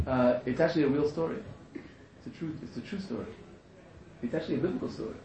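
A man's voice: mid-range voice, fast talker. A man teaching a class in a humorous lecture, repeating phrases and chuckling at his own jokes. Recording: echoey room, muffled, faint hiss.

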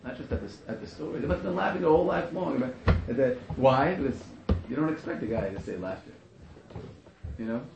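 Lively man lecturing a class. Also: mid-range voice, quick pace, vocal fry. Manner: animated, repeats phrases, chuckles at own jokes. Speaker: teacher. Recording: echoey room, muffled, faint hiss.

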